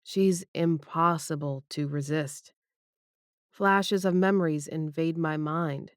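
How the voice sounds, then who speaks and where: Audiobook narrator, female, low register, intimate expressive reading, dry booth. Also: slow, no room sound. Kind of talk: first-person romance audiobook narration.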